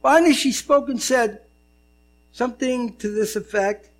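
A man preaching a sermon, telling a story and swinging between loud and hushed delivery. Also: very high-pitched, a little slow, low-quality recording. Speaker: pastor.

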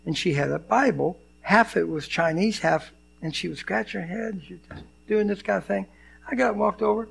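A man's voice: high voice, fairly quick, vocal fry, husky. An older man, a pastor, preaching a sermon and telling personal stories, acting out the people in them. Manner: animated storyteller, acts out dialogue.

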